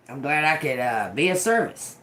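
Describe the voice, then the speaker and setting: A man with a sharp, fairly high voice gives a casual tarot reading. He rambles and curses, often repeating single words as they occur to him.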